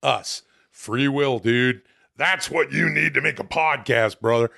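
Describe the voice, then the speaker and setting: A man's voice: mid-range voice, a little slow, vocal fry, sharp tone. A man co-hosting a podcast, joking, swearing and bantering casually. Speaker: podcast co-host. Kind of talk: casual chat.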